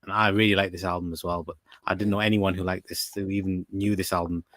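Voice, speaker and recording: A man's voice: sits low, little pitch movement, fast talker, fairly bright tone, dry recording, studio quality. Chatty British man hosting a quiz. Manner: chatty, teasing, reads listener comments aloud. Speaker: podcast host. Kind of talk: casual chat, quiz questions.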